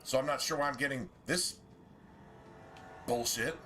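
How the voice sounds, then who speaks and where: A man's voice: medium pitch, a little slow, pushed and bright, soft background music. A man streaming a video game, chatting casually with frequent swearing and complaints about the game. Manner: profane, complaining, laughs often. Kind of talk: casual gameplay commentary.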